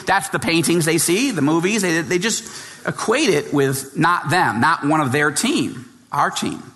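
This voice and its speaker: A man from western New York, an author telling an animated story in a chatty speech full of restarts. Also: high-pitched. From western New York, USA.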